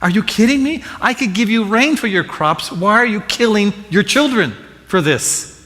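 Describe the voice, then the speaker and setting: A man's voice: high voice, animated, normal speed, a bit bright, big-room sound, voice pushed up. A man voicing God as a grieved, loving father during a sermon, speaking in a pleading, exasperated way.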